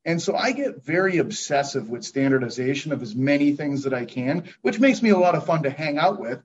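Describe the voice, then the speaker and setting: A man's voice: a little high, expressive, fairly quick. A man hosting a podcast, musing in a rambling, reflective way and swearing casually. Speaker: podcast host. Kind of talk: casual interview chat. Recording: dull lo-fi recording.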